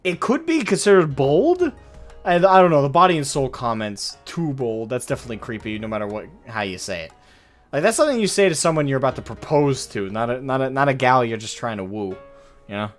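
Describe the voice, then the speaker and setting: A man's voice: medium pitch, very animated, fairly quick, faint music behind. A man commenting on a game he is playing, chatty and joking. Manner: chatty, joking, self-deprecating. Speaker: streamer. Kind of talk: gameplay commentary, reading game lines.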